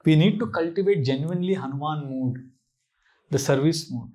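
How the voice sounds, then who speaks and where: A man's voice: a little high, moderate pace, a little mellow. Man giving a devotional talk. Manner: earnest storytelling, wry asides. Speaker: monk and spiritual teacher.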